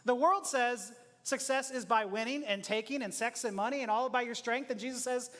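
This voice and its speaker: High-voiced man preaching in a reverberant hall. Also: normal speed. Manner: conversational, animated, laughs often, acts out quoted speech. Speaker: pastor. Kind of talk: sermon. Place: church auditorium.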